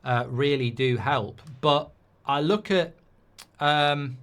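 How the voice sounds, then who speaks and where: A man's voice: fairly high pitch, slow pace, a bit bright. A man giving football predictions in a rambling, jokey way, often interrupting himself. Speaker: football pundit. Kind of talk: casual football predictions chat.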